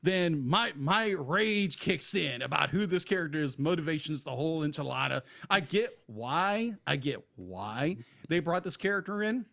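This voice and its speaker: A man's voice: fairly high pitch, animated, normal speed, creaky, few pauses, fairly bright tone. A man co-hosting a podcast, ranting emphatically and with exasperation about an anime character. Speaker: podcast co-host. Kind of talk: casual podcast review.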